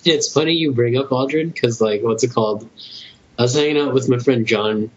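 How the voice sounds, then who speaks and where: A man's voice: mid-range voice, fairly quick, a crowd in the background. A young man co-hosting a casual podcast, rambling and hesitant with many restarts and curse words. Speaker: podcast co-host. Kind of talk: casual chat. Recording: dull lo-fi podcast audio with faint hiss.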